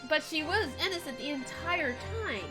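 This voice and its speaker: A woman streaming a game, reacting emotionally and excitedly to the story. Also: high voice, moderate pace, over music. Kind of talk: let's play commentary. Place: home streaming setup.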